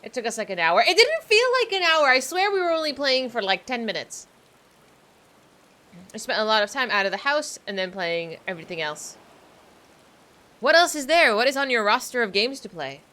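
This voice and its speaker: Chatty young woman streamer, lively voice. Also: fairly high pitch, moderate pace. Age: young adult. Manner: chatty, rambling, self-deprecating. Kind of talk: casual livestream chat while playing.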